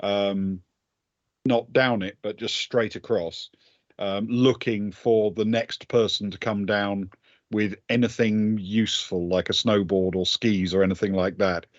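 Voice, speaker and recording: A man's voice: lowish voice, fairly even intonation, a little slow, dry recording. A man narrating as game master for a tabletop game, chatty and laughing between descriptions, with lots of ums. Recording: dull, dry lo-fi sound.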